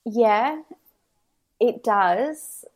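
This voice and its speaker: A woman's voice: a little high, animated, very slow. A woman talking candidly as a podcast guest, hesitant, with many fillers and restarts. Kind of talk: candid conversational reflection.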